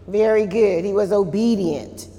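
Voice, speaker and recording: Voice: mid-range voice, measured pace, warm tone, big-room sound. A Bible study teacher leading a church class, asking the group questions, answering them, and adding frequent amens.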